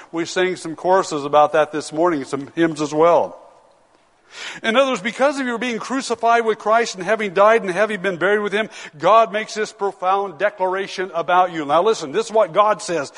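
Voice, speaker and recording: High-voiced pastor preaching in an echoing church. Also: male voice, a bit bright. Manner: earnest, emphatic, slows down to read scripture. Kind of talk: sermon. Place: church sanctuary. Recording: long church reverb.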